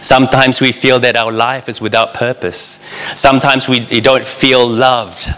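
A man preaches a sermon in a bright, forceful voice, speaking earnestly and directly to his listeners in a plain, conversational way. His words ring out in a large hall, with a long reverb trailing behind each phrase. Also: mid-range voice, fairly even intonation, normal speed, smooth.

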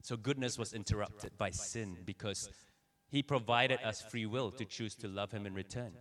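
A man preaching a sermon, telling personal stories in an animated way and acting out the dialogue. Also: fairly low pitch, normal speed. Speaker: pastor. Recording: voice somewhat distant from the mic.

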